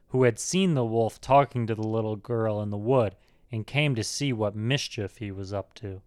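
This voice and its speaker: Smooth-voiced man reading a fairy tale. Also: fairly low pitch, moderate pace. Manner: expressive storyteller's delivery. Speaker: narrator. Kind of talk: storybook read-aloud narration.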